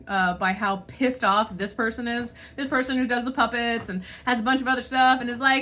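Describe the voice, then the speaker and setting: A woman's voice: on the high side, steady tone, brisk, few pauses, bright, forceful tone. A woman venting her frustration in a monologue, swearing often and sighing between thoughts. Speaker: spiritual channel host. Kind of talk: emotional monologue vent.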